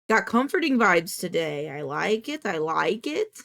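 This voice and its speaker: A woman's voice: high-pitched, lively intonation, moderate pace, hardly any pauses, fairly bright tone. A woman VTuber streamer in casual live-stream chat, chatty and swearing freely as she coos at her cat.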